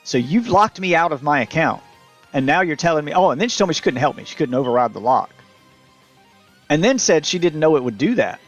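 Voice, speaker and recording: A man's voice: a little high, brisk, soft background music. Exasperated man ranting to his stream. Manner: exasperated, animated ranting with restarts. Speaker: live streamer. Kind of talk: casual ranting story to a live chat.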